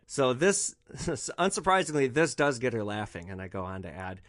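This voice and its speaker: A man's voice: fairly low pitch, animated, moderate pace, fairly bright tone, dry recording, studio quality. A male podcast host telling a story in a sardonic, profane way.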